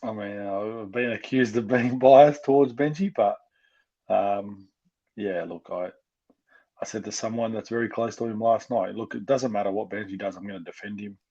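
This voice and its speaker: A man's voice: on the low side, moderate pace, dark tone, muffled recording. An Australian man with a passionate manner, chatting on a fan podcast and getting fired up. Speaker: podcast co-host, fan guest. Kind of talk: casual fan podcast chat.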